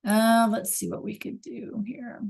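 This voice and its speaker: Slow, encouraging woman teaching Spanish. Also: on the high side, steady tone, creaky, darkish tone, slightly rough. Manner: encouraging, repeats praise and checks understanding. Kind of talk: classroom teaching.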